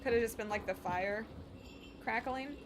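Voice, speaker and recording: A woman streamer gives casual commentary while she plays, chatty and quick to laugh, with offhand swearing. Her voice sits a little high and her delivery is slow and unhurried. Loud game sounds play underneath. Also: noisy background.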